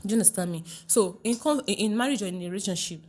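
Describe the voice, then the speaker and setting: A middle-aged Nigerian woman, a relationship coach, races through a lively podcast interview at medium pitch while faint music plays behind her. She laughs frequently and often asks whether the listener understands.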